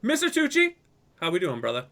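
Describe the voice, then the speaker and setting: Lively bright-voiced man hosting. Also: high voice, fairly quick. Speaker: co-host. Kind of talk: upbeat podcast hosting.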